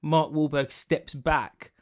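A man's voice: a little high, level tone, slow, clear, resonant tone. A man co-hosting a casual comedy chat, telling a story and building on the others' jokes. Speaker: podcast co-host.

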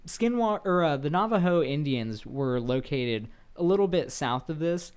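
Laughing, teasing podcast co-host man. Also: mid-range voice. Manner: laughs often, teasing, explains the topic. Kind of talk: casual podcast chat.

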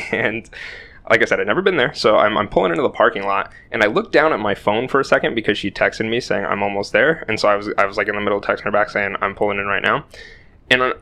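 A man's voice: on the low side, fairly quick, bright, forceful tone. A young man telling a rambling, self-deprecating story in casual podcast chat, swearing freely. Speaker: podcast co-host.

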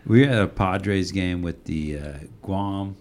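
A man's voice: sits low, takes it slowly. A man co-hosting a podcast, telling rambling, self-deprecating stories in casual sports chat. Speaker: podcast co-host.

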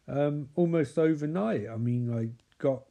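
A man's voice: on the high side, measured pace, creaky, warm tone. A man giving sarcastic running commentary on a movie he is watching, swearing and mocking the characters. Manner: sardonic, swears, mocks the characters in put-on voices.

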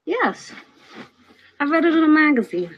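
An actress playing a brash, talkative young woman who lectures her boyfriend in a lively, assertive way. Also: high voice, moderate pace, lo-fi sound. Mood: lecturing. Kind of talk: film dialogue.

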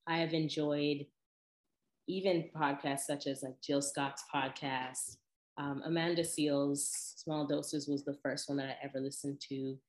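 Low-voiced woman chatting animatedly. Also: a little slow. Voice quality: animated, lively with laughs and imitated voices. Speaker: podcast host. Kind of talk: casual chat. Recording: echoey room.

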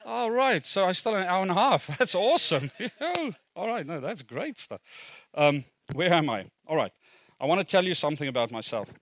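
A man's voice: on the high side, fairly bright tone, dry recording. A middle-aged South African man, a native Afrikaans speaker, preaching a sermon as a pastor in a conversational, self-deprecating way with asides to the congregation.

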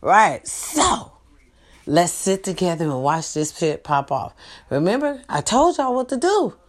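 A woman's voice: on the low side, very animated, measured pace. A young woman hosting a loose, casual night talk for her viewers, teasing and streetwise in her delivery.

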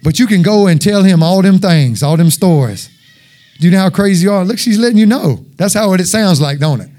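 A man delivers an animated, folksy sermon in a church, his voice pitched a bit high for a man. He talks straight to the congregation and acts out voices and sounds as he goes. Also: brisk. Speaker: preacher.

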